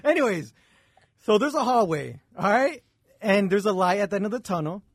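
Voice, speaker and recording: A podcast co-host spins a spiritual parable in loose, casual talk, voicing each character as he goes. His voice sits high and a little husky. The mic is close and dry, with faint music in the background. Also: expressive, normal speed, dry recording. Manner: storytelling, acts out dialogue, repeats "right?". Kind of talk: casual chat, telling a parable.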